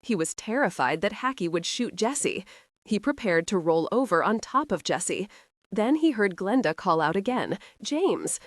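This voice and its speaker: A woman reading a historical romance audiobook in a steady, expressive scripted narration. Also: medium pitch, normal speed, dry recording, clean studio sound.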